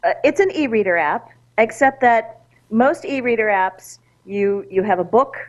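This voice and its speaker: A woman guest on a podcast, calmly explaining her app in a measured way over a remote connection. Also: a little high, lo-fi sound. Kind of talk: explaining in an interview.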